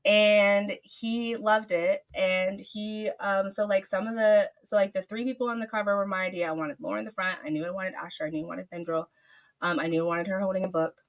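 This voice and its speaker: A woman's voice: medium pitch, steady tone, brisk. A woman author telling a long story in a casual podcast interview, gushing and rambling with many fillers. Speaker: author guest.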